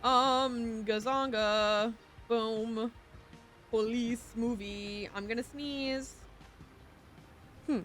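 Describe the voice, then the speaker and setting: A woman's voice: a little high, steady tone, extremely slow, pauses often, fairly bright tone. A young woman streaming a shop game, chatting casually and giggly, reading chat aloud and slipping into a playful whiny voice. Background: game music.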